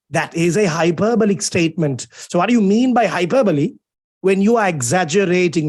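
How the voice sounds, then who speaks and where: High-voiced Sri Lankan English teacher. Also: male voice, a little mellow. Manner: playful, teasing, asks questions and answers them himself. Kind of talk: online lecture. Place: home or classroom, streamed over a video call. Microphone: video call microphone.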